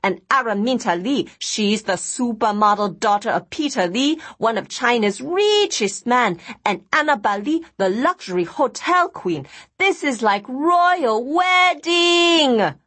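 A woman voicing a loud, gossipy middle-aged mother who screeches and gushes over rich families. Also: expressive, measured pace. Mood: gushing. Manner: shrill, gushing, exclaiming.

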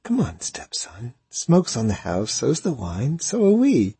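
A man voicing a smirking red-haired young woman who teases in hushed, mocking tones during a storybook reading. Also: medium pitch, huge pitch swings, measured pace, husky, no room sound, voice pushed up, heavily acted.

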